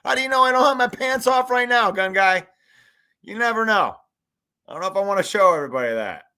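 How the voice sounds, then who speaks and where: A high, bright-voiced man hosts a live fan commentary stream. He talks in an animated, hyped way, reads chat comments aloud and laughs often. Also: fast, smooth. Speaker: sports show host.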